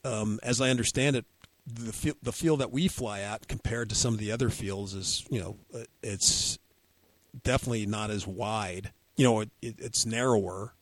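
A man co-hosting a podcast, telling an animated story, acting out quotes and laughing now and then. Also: fairly low pitch, normal speed, dry recording. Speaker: podcast co-host. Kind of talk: casual storytelling chat.

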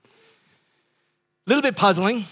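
A man's voice: sits high, unhurried, bright, forceful tone. A man with an Australian accent preaching a sermon as the pastor, rambling through comic stories with frequent asides and restarts. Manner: rambling, self-interrupting storyteller with comic asides.

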